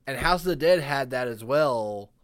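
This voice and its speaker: A man in a casual podcast chat, calmly adding background and explaining video game references. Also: mid-range voice, normal speed. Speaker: podcast co-host. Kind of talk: casual movie-riffing chat.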